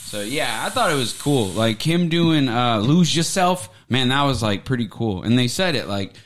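A man's voice: mid-range voice, expressive, normal speed, a bit bright. A young man co-hosts a podcast in casual chat. He talks in a laid-back, mumbly way and drops crude jokes without much effort. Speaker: podcast co-host.

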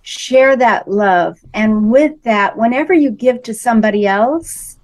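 A woman hosting a casual conversation, retelling things in a measured, earnest way. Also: fairly high pitch, a little mellow.

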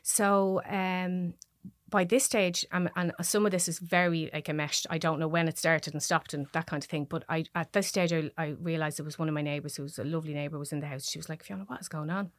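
A middle-aged woman from Dublin with an Irish accent, a podcast guest recounting a personal story in a halting, emotional way. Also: deep voice, level tone, no room sound, studio quality. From Dublin, Ireland.

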